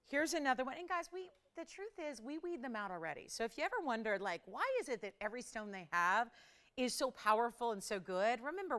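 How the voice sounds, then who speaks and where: A woman hosting a live TV jewelry shopping show. She gives an upbeat, chatty sales pitch and keeps it moving. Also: a bit bright. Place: TV studio.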